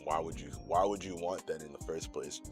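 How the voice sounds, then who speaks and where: A young man with a very low voice gives a casual, rambling recap of a show, slangy and full of swearing and fillers. Soft music plays faintly under his talk. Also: steady tone, brisk. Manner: loose, slangy and profane, heavy on fillers. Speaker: channel host recapping an anime episode.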